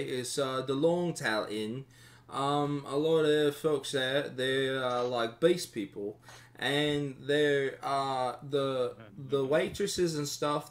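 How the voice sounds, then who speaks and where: A man voicing a chatty male town guard in a tabletop game, folksy and rambling, a little higher than his usual voice. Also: lightly acted.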